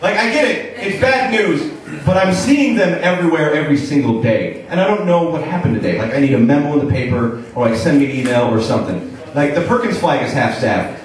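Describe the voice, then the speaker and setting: A man's voice: a little high, animated, a little fast, a little hiss or hum. A young man doing a stand-up set on a club stage, talking in a loose, rambling way full of "like" and swearing. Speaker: stand-up comedian. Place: comedy club stage, live show. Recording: echoey club taped from far off, audience laughter.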